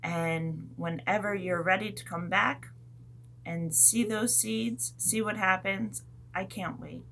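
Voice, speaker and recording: A woman teacher telling a story to young children in a gentle, animated way, adding sound effects as she goes. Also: mid-range voice, slow, creaky, a little hiss or hum.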